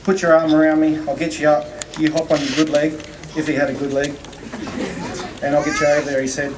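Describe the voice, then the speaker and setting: A man's voice: fairly high pitch, level tone, brisk, slight background noise. A man giving a eulogy at a memorial, telling a humorous story with acted-out dialogue. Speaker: eulogy speaker. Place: memorial gathering. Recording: distant mic with audible room ambience.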